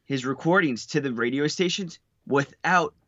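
A man's voice: a little high, normal speed, sharp tone, no room sound, muffled recording. A man co-hosting a podcast in casual chat, talking hesitantly with many restarts. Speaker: podcast co-host.

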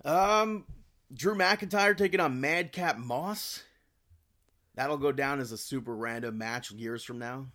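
A man's voice: mid-range voice, slow. Easygoing guy on a podcast, mid voice, chatty and loose. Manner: relaxed, laughs at his own jokes. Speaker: podcast co-host. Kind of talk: casual wrestling podcast chat.

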